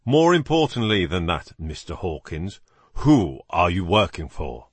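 A man's voice: sits low, sing-song, unhurried, slightly rough, no room sound, exaggerated voice. A man voicing a composed older actor posing as the great detective, speaking with a British accent in a dry, precise manner. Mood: cool, assured.

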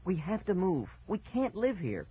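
A man voicing a frightened young boy who pleads and cries out, in a high, strained, husky voice. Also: wildly swooping pitch, normal speed, exaggerated voice. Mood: pleading. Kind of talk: audiobook character voice. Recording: tinny phone-like sound.

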